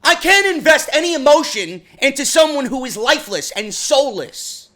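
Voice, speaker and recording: A man's voice: very high voice, very animated, moderate pace, bright, forceful tone. A man reviewing a wrestling show in a blunt, profane, exasperated rant, often stumbling over repeated words. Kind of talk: ranting solo show review.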